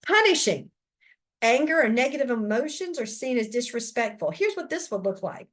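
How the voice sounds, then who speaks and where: Chatty, animated woman teacher trainer. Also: on the high side, normal speed. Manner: animated, chatty, addresses listeners directly. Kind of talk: recorded lesson talk.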